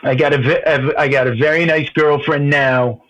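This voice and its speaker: A man's voice: a little high, steady tone, normal speed, fairly bright tone, soft background music, low-quality recording. A man calling in to a show, chatting casually, rambling and laughing often. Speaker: caller. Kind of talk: casual call-in chat.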